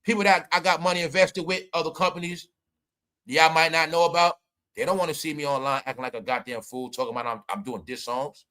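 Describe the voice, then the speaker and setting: Emphatic ranting man, bright voice. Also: on the high side, steady tone, fast talker. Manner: emphatic, preachy, addresses viewers as y'all, swings loud and soft. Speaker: commentary streamer. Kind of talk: casual ranting commentary.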